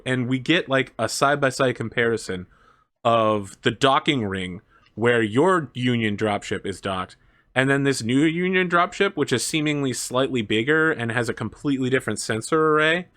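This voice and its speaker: Male game master, mid-range voice, loose narrating with fillers. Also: medium pitch. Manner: relaxed storytelling with fillers and quick asides.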